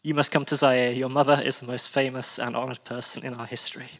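A man's voice: medium pitch, little pitch movement, quick pace, gravelly, a bit bright. A man voicing an emotional, earnest elderly church superintendent. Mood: heartfelt. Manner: heartfelt, earnest.

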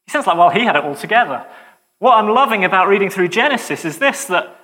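Guy preaching a sermon, bright tense voice kinda high, chatty with little jokes. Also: fast talker, in a large hall. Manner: lively, conversational, joking asides.

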